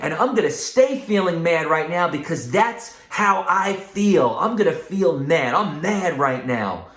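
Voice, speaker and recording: A man's voice: on the high side, lively intonation, a little slow, a bit bright, echoey room. A man acting out a sulky child stuck being mad. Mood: grumpy, sulking. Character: grumpy child stuck in a bad mood.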